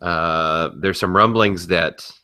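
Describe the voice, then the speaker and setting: A man co-hosting a casual wrestling and sports podcast, calm and matter-of-fact with a teasing streak. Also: low voice, slow pace, clean tone. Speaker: podcast co-host. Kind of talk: casual chat.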